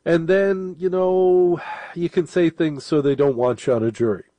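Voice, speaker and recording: A man's voice: on the high side, fairly even intonation, normal speed, mellow, dry recording. A middle-aged man hosting a late-night radio show, talking to listeners in a rambling, casual monologue while sniffling with a cold. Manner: rambling, conversational, with restarts and asides.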